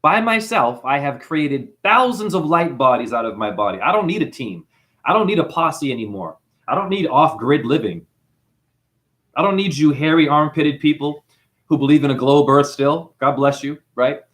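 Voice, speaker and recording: A man with a New Zealand accent hosts a livestream, reading out chat messages in a rambling, preachy monologue and calling listeners "honey." His voice is fairly high and bright, animated, at a moderate pace.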